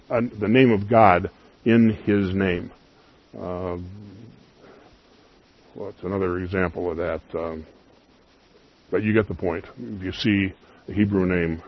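A man preaching a sermon, emphatic, rising loud on key lines and dropping to soft asides. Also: deep voice, lo-fi sound.

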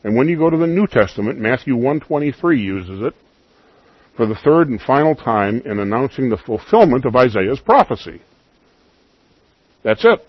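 A man preaching a sermon, emphatic, rising loud on key lines and dropping to soft asides. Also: medium pitch, very animated, moderate pace, slightly rough, no echo, muffled recording.

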